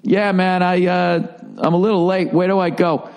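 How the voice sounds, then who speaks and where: A man's voice: high-pitched, level tone, moderate pace, creaky, a little mellow, pitched above the performer's own voice. A man putting on a famous older male country singer, drawling and laid-back, as a comic impression in a monologue.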